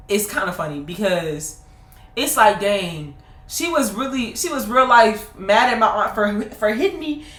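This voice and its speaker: Animated twenty-something woman chatting to viewers, swoops all over, kinda echoey room. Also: medium pitch. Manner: animated, laughing, talks to viewers as y'all. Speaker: vlogger. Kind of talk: casual storytelling. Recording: roomy echo.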